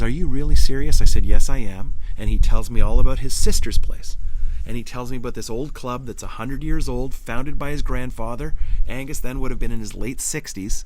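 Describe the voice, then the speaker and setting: A man from Canada hosting a podcast, telling stories in a casual, animated way, laughing often and acting out what people said. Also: mid-range voice, a little hiss or hum. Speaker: podcast host and business consultant. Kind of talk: casual storytelling monologue.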